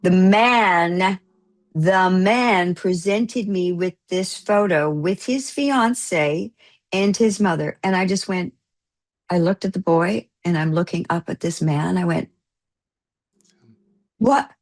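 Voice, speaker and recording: A middle-aged actress, appearing as an interview guest, slowly tells an emotional story. She gushes and grows tearful, and her voice rises high whenever she is moved.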